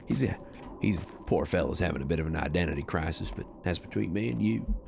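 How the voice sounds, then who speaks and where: A man's voice: sits low, expressive, fast, vocal fry, noisy background. A man streaming a game, casually chatting with viewers in chatty, self-mocking asides.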